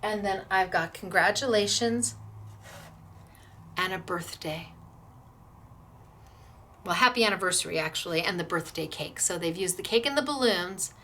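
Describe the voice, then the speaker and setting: A woman's voice: fairly low pitch, lively intonation, moderate pace, pauses often, fairly bright tone, slight background noise. A middle-aged woman hosting a crafting tutorial, bubbly and encouraging as she gushes over her projects. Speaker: crafting show host.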